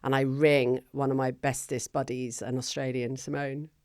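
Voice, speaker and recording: A woman's voice: a bass voice, flat delivery, normal speed, a little mellow, no echo. Chatty middle-aged woman, dry sound. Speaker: guest, business founder. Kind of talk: casual interview storytelling.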